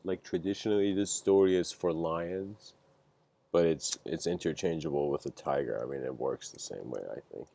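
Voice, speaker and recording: A man with a very deep voice gives an informal livestreamed talk. He rambles and fills his sentences with "like" as he spins parables. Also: normal speed, gravelly, dark tone. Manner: rambling, heavy use of "like" fillers. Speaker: lecturer.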